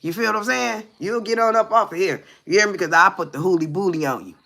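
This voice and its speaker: A woman in her forties co-hosts a live talk show, telling brash, profane stories and constantly asking listeners if they can hear her. She talks fast, with a medium-pitched, bright, forceful voice and vocal fry.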